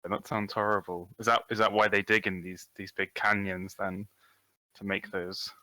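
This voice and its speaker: A man's voice: fairly low pitch, little pitch movement, moderate pace, pushed and bright, dry recording, low-quality recording. A man playing a tabletop game, speaking casually with hesitant restarts. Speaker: player.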